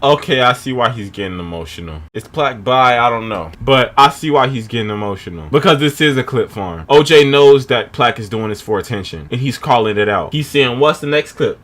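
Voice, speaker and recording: Lively man reacting to a clip. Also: medium pitch, a little fast, hardly any pauses. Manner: animated, questioning, talks back at the clip. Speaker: reaction video host. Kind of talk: casual reaction commentary.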